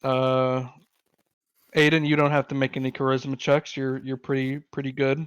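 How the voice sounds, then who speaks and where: A man's voice: mid-range voice, monotone, normal speed, clean tone, no room sound, highs cut off. A man narrating a tabletop game as game master, easygoing and full of fillers.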